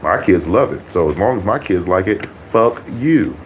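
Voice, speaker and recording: A man's voice: sits low, animated, brisk, lo-fi sound, a little hiss or hum. A man ranting to his YouTube viewers, blunt and mocking, swearing constantly. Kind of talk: profane ranting vlog.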